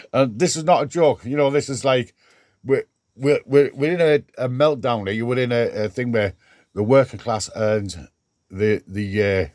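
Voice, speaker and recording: A man's voice: medium pitch, a little slow, darkish tone, no room sound, clean studio sound. An older man vlogging from his garden shed workshop, rambling chattily with restarts as he talks to camera. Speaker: DIY vlogger. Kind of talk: casual vlog.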